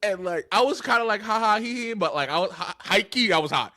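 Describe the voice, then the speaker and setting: A New man on a podcast, his voice high and leaping all over as he tells a story. He curses freely and winds himself up until he is yelling. The sound is dry and close. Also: fast talker, no echo. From New York area. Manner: animated storytelling, swearing, builds to yelling. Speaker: podcast co-host. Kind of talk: casual podcast chat.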